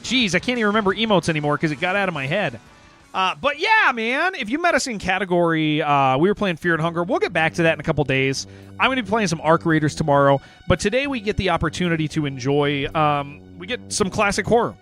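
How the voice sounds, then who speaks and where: A man streaming games and chatting casually with viewers, excitable and rambling, saying "man" and "dude" all the time. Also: high-pitched, fast talker, faint music behind. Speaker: game streamer. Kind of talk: casual livestream chat with viewers.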